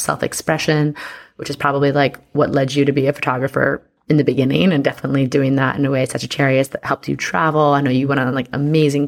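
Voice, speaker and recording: A woman's voice: low voice, creaky. A woman chatting casually and playfully with many fillers as an astrologer reading her business partner's chart. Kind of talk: casual chat.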